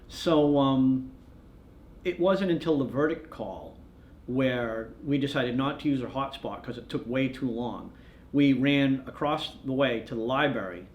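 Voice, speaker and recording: A male news photographer rambles through his anecdotes in a documentary interview, acting out what each person said. His voice sits at an ordinary middle pitch for a man. The room around him rings with a noticeable echo. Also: lo-fi sound, slight background noise. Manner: rambling storyteller who acts out quoted dialogue. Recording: roomy echo.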